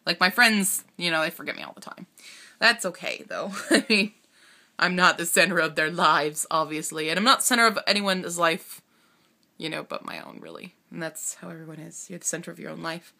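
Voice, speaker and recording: Tearful young woman, bright voice. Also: fairly low pitch, animated, creaky. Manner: halting and emotional, with nervous laughs and sighs. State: tearful, on the verge of crying. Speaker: vlogger. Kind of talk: personal vlog confession.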